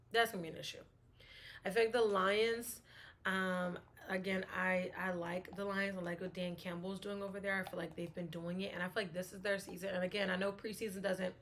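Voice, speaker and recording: A woman hosting a casual solo sports talk show, chatting and thinking aloud, often restarting her sentences. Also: medium pitch.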